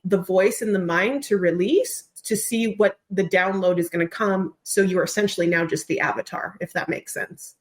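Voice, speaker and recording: A woman, a trained actor, who is a podcast guest, telling a story in casual, expressive chat and swearing now and then. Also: medium pitch.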